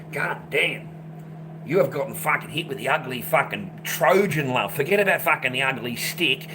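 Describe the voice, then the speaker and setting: A man talks straight to the camera in a loose, profane rant. He circles back to the same points again and again. His voice sits at an ordinary middle pitch, with steady background noise behind him. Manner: profane, ranting, repeats himself. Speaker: vlogger. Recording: noisy background.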